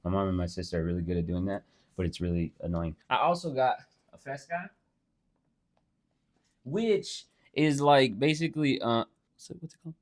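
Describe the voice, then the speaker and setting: A man's voice: mid-range voice, normal speed, long pauses. A man co-hosting a casual podcast, profane and teasing, laughing often as he tells stories. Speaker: podcast co-host. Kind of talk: casual chat. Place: Phoenix.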